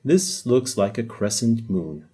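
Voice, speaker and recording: A man's voice: mid-range voice, lively intonation, slow, dark tone, husky. A man teaching a language lesson, explaining patiently, demonstrating sounds and joking lightly. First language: Arabic. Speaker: Arabic teacher. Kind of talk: casual whiteboard lesson.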